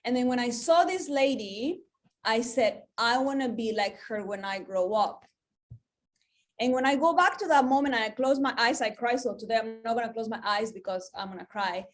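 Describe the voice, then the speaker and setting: A sales manager in her forties shares her own story in an earnest, emotional motivational talk, dropping "like" frequently. Her voice sits on the high side and she speaks fairly quickly.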